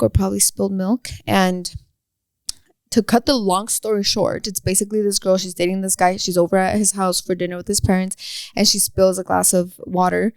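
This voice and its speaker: A woman's voice: medium pitch, darkish tone, no echo, clean studio sound. A woman co-hosting a podcast, telling stories about parenting in casual chat and mixing in Spanish lines. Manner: storytelling, mixes in Spanish lines. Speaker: podcast co-host; mother.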